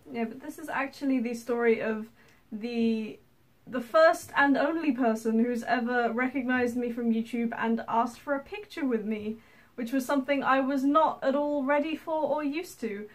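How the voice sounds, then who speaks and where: High-voiced chatty woman. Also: normal speed. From England. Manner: chatty, rambling, lots of fillers and laughter. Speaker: vlogger. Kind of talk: casual storytelling to camera.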